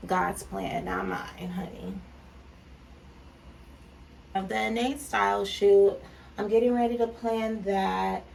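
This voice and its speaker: Gravelly-voiced woman chatting over her makeup. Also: mid-range voice, steady tone, slow pace, pauses often, a little mellow. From California. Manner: chatty and candid, sprinkles in "child", "baby" and "honey". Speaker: vlogger and clothing brand owner. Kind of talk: casual chat while doing makeup. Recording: slightly distant mic with faint background noise.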